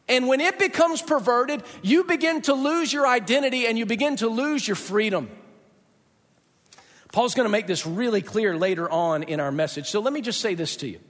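A man preaching a sermon as pastor, talking in an emphatic, conversational way with dramatic pauses. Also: very high-pitched, a bit bright. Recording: long hall reverb.

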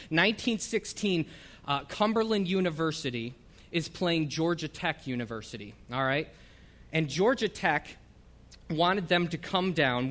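A middle-aged man gives a loose, joking church talk from the front of a church hall. His voice sits a little high for a man, and he fills his pauses with ums and uhs, poking fun at himself as he goes. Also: fairly bright tone. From northern United States. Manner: chatty, self-deprecating, many ums and uhs. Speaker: ministry coordinator and missionary.

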